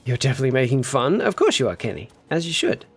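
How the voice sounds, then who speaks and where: A man's voice: medium pitch, big pitch swings, quick pace, husky. A man casually chatting on a gameplay livestream, muttering to himself while building and answering his chat. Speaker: streamer.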